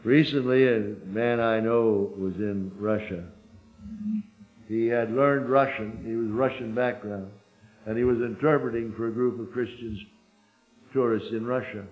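Older preacher, emphatic sermon. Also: male voice, steady tone, a little slow. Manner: emphatic storytelling, swings from loud urgent peaks to low quiet asides. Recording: dull lo-fi recording.

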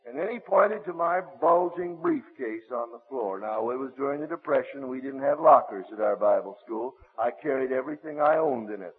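Husky older preacher on old radio. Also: male voice, medium pitch. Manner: vivid storytelling with hesitant restarts. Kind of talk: sermon storytelling. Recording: tinny old radio broadcast.

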